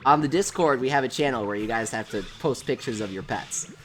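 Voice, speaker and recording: A woman from the United States hosts a laid-back gaming livestream, chatting warmly and reading viewer messages aloud. Her voice sits low for a woman. Faint game music plays quietly behind her. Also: fairly quick. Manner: chatty, reads chat aloud, gushes over pets. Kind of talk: casual livestream chat reading viewer comments.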